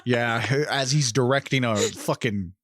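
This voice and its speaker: A man's voice: mid-range voice, unhurried, a bit bright, no echo, clean studio sound. A man co-hosting a horror movie podcast, chatting casually, rambling and swearing, laughing often. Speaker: podcast co-host. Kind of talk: casual chat.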